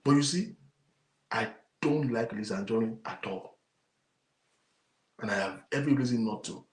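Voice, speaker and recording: A man's voice: medium pitch, normal speed. Man, Nigerian accent, indignant rant, repetitive and emphatic, echoey room. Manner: emphatic, indignant, repeats himself, mixes in Yoruba. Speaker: host of a talk show. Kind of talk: ranting monologue to viewers. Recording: roomy echo.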